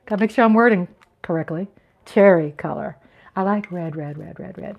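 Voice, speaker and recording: A woman's voice: medium pitch, fast, gravelly, muffled recording, slight background noise. A woman in her fifties hosting a casual livestream, reading chat comments aloud with playful giggles and little sung riffs. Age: 50s. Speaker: livestream host.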